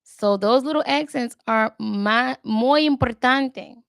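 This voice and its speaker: A woman chats casually to her viewers while she studies, thinking out loud and sounding out each word with care. Her voice has a gravelly edge, and she talks very slowly. The sound is close and dry. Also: fairly high pitch, dry recording. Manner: thinks aloud, chatty, talks to viewers as "y'all"; careful halting tries at Spanish words. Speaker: language learner vlogger. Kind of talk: casual chat while studying.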